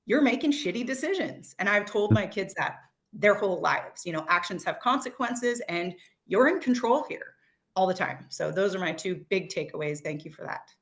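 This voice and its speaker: A woman's voice: medium pitch, lively intonation, moderate pace. A woman real estate agent on a video call, sharing personal reflections in a candid, blunt way and swearing casually.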